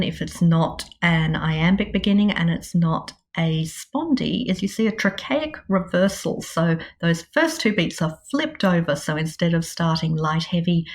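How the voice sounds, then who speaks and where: A woman with an Australian accent, teaching Shakespeare's verse in a clear, measured way and tapping out the rhythm as she speaks. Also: lowish voice. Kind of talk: scripted instructional explanation.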